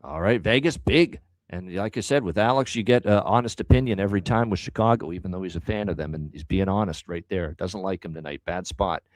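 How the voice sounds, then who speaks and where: Low-voiced emphatic betting show host. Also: male voice, fairly quick, no echo, poor audio. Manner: emphatic, talks picks through at length. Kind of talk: casual sports betting analysis.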